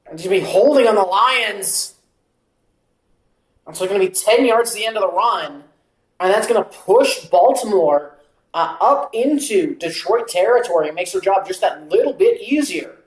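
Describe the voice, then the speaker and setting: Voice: medium pitch, lively intonation, normal speed. Roomy amateur play-by-play streamer. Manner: stretches out calls, wanders into casual asides. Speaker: watchalong streamer doing play-by-play. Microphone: streaming mic that peaks on loud calls.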